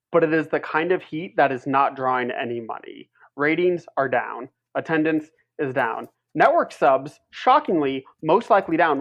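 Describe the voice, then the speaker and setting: A man's voice: on the high side, lo-fi sound. A man co-hosting a wrestling podcast in a casual chat, ranting heatedly and swearing as he talks.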